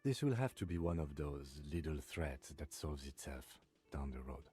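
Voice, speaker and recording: Reserved game detective, dark mellow tone, faint music behind, dry and thorough. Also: male voice, extremely low pitch, very animated, normal speed, breathy edge, heavily acted. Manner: composed, dry and matter-of-fact. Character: calm, reserved male police lieutenant, dry and thorough. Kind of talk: video game voice acting.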